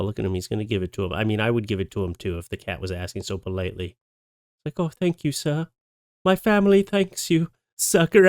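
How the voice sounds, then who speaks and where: A man hosting a comedic reaction commentary, animated and joking, slipping into quick silly voices. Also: medium pitch, no room sound, clean studio sound. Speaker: commentary host.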